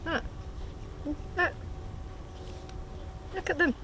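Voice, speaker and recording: A woman's voice: very high voice, drawn-out words, pushed and bright, a little hiss or hum. A woman hosting a live stream outdoors, chatty, friendly and giggly, speaking politely and nicely. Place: outdoors at an airfield.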